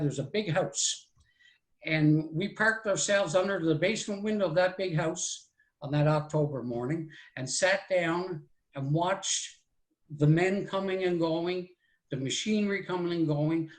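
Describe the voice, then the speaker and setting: In a reverberant, low-quality live recording, a fairly high-pitched man in his 60s spins a childhood tale as a guest storyteller. He rambles folksily, dropping "so anyway" and "right?" as he goes.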